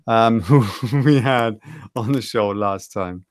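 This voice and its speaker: A man's voice: on the low side, fairly even intonation, measured pace, clear, resonant tone, dry recording, clean studio sound. A man in casual online panel chat, rambling and correcting himself with wry asides.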